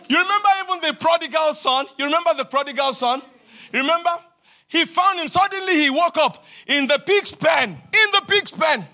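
Speaking in a very high voice, this man preaches as a pastor, emphatically repeating himself and calling out hallelujahs often. His delivery rises and falls in a sing-song rhythm, occasionally dropping low for a quiet scolding.

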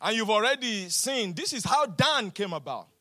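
A man preaching a sermon as pastor, repeating phrases for emphasis and swinging between loud declarations and hushed lines. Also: high-pitched, big pitch swings, moderate pace.

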